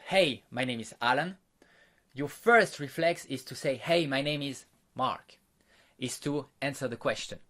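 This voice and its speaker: A man's voice: medium pitch, fairly bright tone. A man coaching an online course on social skills. He explains patiently, guiding listeners through exercises and demonstrations. His talk is loose and unscripted, full of fillers and restarts.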